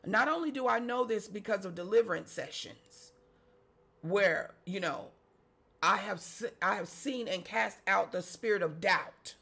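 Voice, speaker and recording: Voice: mid-range voice, unhurried, creaky, sharp tone. A preacher giving a sermon, reading scripture aloud and repeating phrases and rhetorical questions to the congregation.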